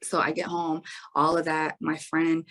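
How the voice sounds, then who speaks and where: A woman, a podcast guest, telling a story casually in an animated, profane, slangy way. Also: deep voice, a little slow, poor audio.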